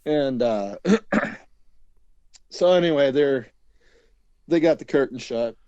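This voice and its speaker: A man's voice: medium pitch, expressive, slow pace, darkish tone, smooth, no echo, muffled recording. A man casually telling a long story as an interview guest, rambling with many fillers and acting out quotes.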